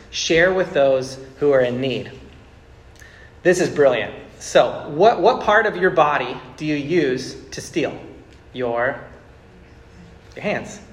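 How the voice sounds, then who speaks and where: A male pastor in his thirties delivers a sermon in a loose, conversational way, stumbling over repeated words and then rising into emphatic bursts. His voice sits a little high for a man. The sound carries the echo of a large church room. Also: animated, takes it slowly. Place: church sanctuary with congregation.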